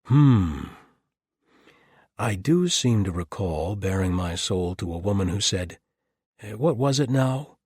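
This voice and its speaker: A gallant paladin with a dry, teasing wit and a deep, husky voice, as a male narrator plays him. His lines sound close and dry, with no room around them. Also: lively intonation, slow, a little mellow, dry recording, full character voice. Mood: wry. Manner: dry, teasing, formal phrasing.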